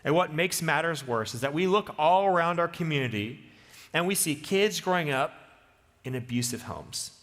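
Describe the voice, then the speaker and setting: A man preaching a sermon as a pastor, telling a story in the second person with lively, dramatic delivery. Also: a little high, normal speed. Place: church sanctuary. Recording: long church reverb.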